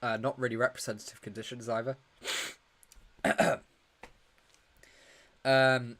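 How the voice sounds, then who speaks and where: A man's voice: mid-range voice, flat delivery, slow pace, pauses often, a bit bright. A man hosting a casual live watch-along, chatty and joking as he reacts to the action and answers viewer questions, tired and yawning. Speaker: livestream host.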